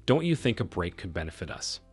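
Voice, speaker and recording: A man reading the lines of a cool, self-assured wife who leaves her husband, calm and firm. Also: deep voice, brisk, soft background music.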